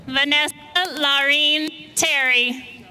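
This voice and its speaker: A woman announcing graduates' names at an outdoor graduation ceremony, enunciating each one clearly and steadily. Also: high voice, flat delivery, slow, crowd noise, rough recording. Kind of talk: unhurried name reading.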